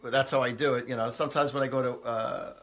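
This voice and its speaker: A man's voice: medium pitch, fairly even intonation, quick pace, creaky, a bit bright. Chatty guy on a live stream, lots of ums, keeps laughing, loose storytelling. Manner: chatty, laughs often, many fillers. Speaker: psychic medium hosting a live stream. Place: indoors, live video stream.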